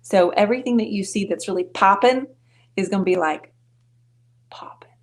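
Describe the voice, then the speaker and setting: A woman's voice: medium pitch, moderate pace. A woman hosting a live painting show, chatting playfully and explaining her steps as she works. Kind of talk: casual live painting chat. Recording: echoey room.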